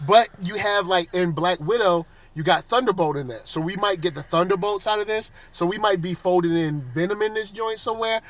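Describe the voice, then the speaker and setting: A man hosting a casual chat in a car, animated and quick to defend his point. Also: high-pitched. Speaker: podcast host. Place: inside a car. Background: faint car and road noise.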